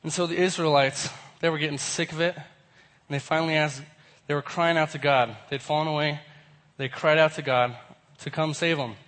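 A young man gives a casual Bible lesson in a hoarse voice left by a cold. His pitch sits a little high, and he keeps turning to the group with friendly questions. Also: fairly even intonation, moderate pace, a bit bright. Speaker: youth pastor.

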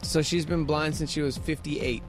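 A man co-hosting a comedy news show, reacting excitedly and bantering. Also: a little high, moderate pace, over music, rough recording. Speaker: co-host. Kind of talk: casual comedic news chat.

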